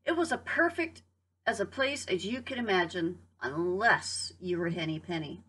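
A woman teacher reading a picture book aloud to young children, in a lively, expressive way. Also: lowish voice, moderate pace, slight background noise. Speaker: preschool teacher.

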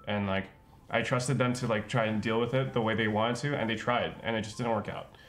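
A man's voice: lowish voice, fairly even intonation, brisk, a bit bright. A man talking earnestly on a livestream, rambling with lots of fillers. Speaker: streamer. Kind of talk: casual stream chat.

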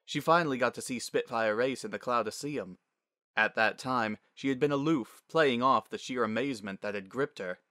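A man narrating a story as a dramatic reading, measured and expressive. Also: medium pitch, no echo, clean studio sound.

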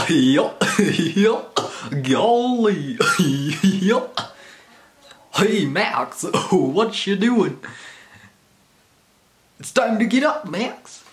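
Un hombre imitando a Goofy, muy agudo y cantarín. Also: male voice, high-pitched, very animated, pitched above the performer's own voice, heavily acted. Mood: goofy cheerful. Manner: chuckling, drawn-out yups and gollys. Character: goofy cheerful cartoon dad, dopey and warm.

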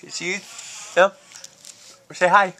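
A woman's voice: fairly low pitch, little pitch movement, drawn-out words, pushed and bright. A woman filming at home, talking to a small child in a playful, coaxing, sing-song way. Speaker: parent filming her children. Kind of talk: playful baby talk with a toddler. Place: indoors in a living room.

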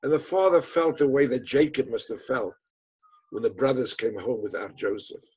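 A man telling a story to an audience as part of a lecture, with dramatic, emphatic delivery and phrases that fall away to a hush. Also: medium pitch, animated, moderate pace, long pauses, slightly rough, low-quality recording.

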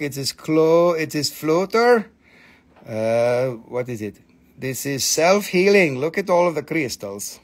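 Man, high husky voice, very animated, excitable, jokey live sales chat. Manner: excitable, joking, swears casually. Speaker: crystal seller hosting a live sale.

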